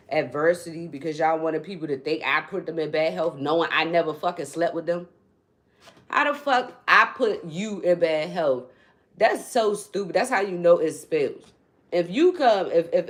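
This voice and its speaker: A woman spiritual reader ranting on her livestream, blunt and profane, swinging from low muttering to loud, high-pitched outbursts. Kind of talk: unscripted livestream rant.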